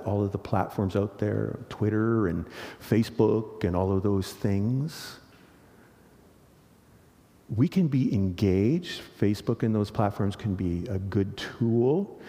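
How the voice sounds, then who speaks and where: A middle-aged man pastor preaching a sermon, earnest and animated, often asking the congregation rhetorical questions. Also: lowish voice, takes it slowly. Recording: long hall reverb.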